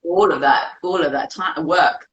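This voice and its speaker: A woman's voice: sits low, measured pace. A young woman, talking candidly as an interview guest and acting out her own thoughts. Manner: candid, animated, acts out quoted thoughts. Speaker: interview guest, dance practitioner. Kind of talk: casual conversation. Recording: dull lo-fi sound.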